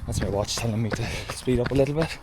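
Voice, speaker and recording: A man with an Irish accent chatting casually to camera in a running vlog. He is excitable, swears freely and keeps calling his viewers lads. He talks from a car and then outdoors in a park while running. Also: medium pitch, quick pace. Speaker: running vlogger. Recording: loud background noise from car and outdoor traffic.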